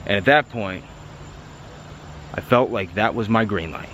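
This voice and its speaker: Chatty excitable man telling a story. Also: lowish voice, measured pace, lo-fi sound, slight background noise. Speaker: car vlogger. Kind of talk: casual storytelling to camera.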